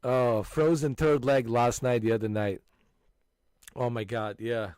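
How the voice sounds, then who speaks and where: A man hosting a gaming channel, loudly swapping stories with friends and breaking into frequent laughter and exclamations. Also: medium pitch, steady tone, unhurried, clear, resonant tone, dry recording. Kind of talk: casual chat with friends.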